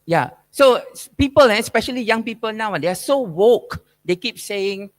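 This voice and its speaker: A man's voice: sits high, animated, normal speed, few pauses. A man giving an academic keynote lecture, driving his points with rhetorical questions and "right?" tags. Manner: probing, emphatic lecturing. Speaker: keynote speaker.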